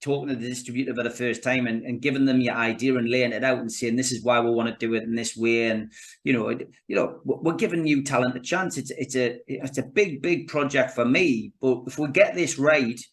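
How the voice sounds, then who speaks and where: A man's voice: medium pitch, brisk. Chatty Geordie man. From North East England. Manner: chatty, frequent restarts and 'you know, mate'. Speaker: podcast guest, filmmaker. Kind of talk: casual chat.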